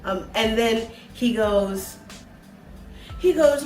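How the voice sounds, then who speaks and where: A woman's voice: a little high, unhurried. A woman in her forties chatting casually as a travel vlogger, rambling with many fillers. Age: 40s. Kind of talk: casual chat. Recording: echoey room, mic far off, faint music.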